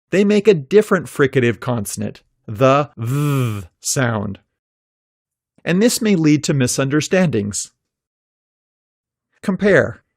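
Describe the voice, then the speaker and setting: A man teaching an English pronunciation lesson from a script, with a careful, clearly articulated delivery. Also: medium pitch, darkish tone, no echo, studio quality.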